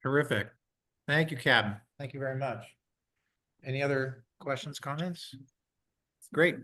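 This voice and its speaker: A man chairs a community meeting. He speaks in a friendly, halting way with many fillers. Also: mid-range voice, pushed and bright.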